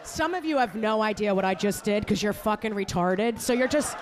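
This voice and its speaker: A woman's voice: medium pitch, expressive, brisk, background noise. A woman comedian doing a stand-up set on a comedy club stage, brash and crude as she teases the crowd into a handheld mic.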